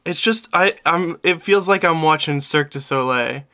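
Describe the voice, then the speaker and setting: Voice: medium pitch, normal speed, pushed and bright. A streamer chatting casually while playing a game with friends, rambling and self-interrupting. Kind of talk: casual gameplay stream chat.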